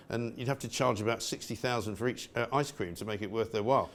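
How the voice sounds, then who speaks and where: A man's voice: fairly low pitch, fast talker, hardly any pauses. A middle-aged male presenter from England giving an outspoken, sarcastic opinion monologue.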